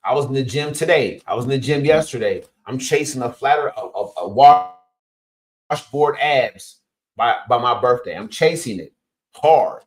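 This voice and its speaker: A man's voice: medium pitch, moderate pace. A man, a coach and host giving an emphatic, casual motivational talk. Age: 50s. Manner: energetic, emphatic, punchy interjections.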